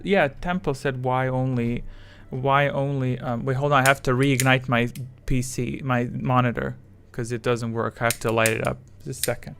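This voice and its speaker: A man's voice: mid-range voice, fairly even intonation, normal speed, gravelly, fairly bright tone. A man chatting casually with his live chat as a streamer, rambling and self-deprecating, with English that is not his first language.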